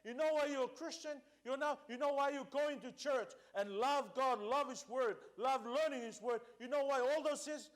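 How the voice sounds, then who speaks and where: A man preaching from the pulpit, his voice sitting high for a man. He hammers his points home with emphatic repetition and moves back and forth between two languages. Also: moderate pace, hardly any pauses. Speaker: pastor. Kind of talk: sermon.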